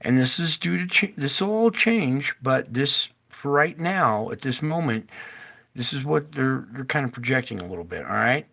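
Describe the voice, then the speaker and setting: A man presents a casual live-stream weather report, speaking in a slow, stop-start way and praying aloud under his breath when things go wrong. His medium-pitched voice is bright and forceful, with lively intonation and vocal fry.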